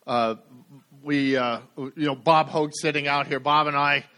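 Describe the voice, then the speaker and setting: A middle-aged man giving a technical conference talk, halting with many fillers and some dry humor. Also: a little high, fairly even intonation, bright, forceful tone, clear, resonant tone. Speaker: conference speaker. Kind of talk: technical presentation.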